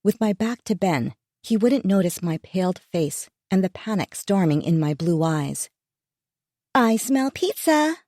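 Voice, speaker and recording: A woman narrating a first-person thriller audiobook in a measured, tense way. Her voice sits low and mellow, and the recording is dry and close with no room sound. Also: no room sound.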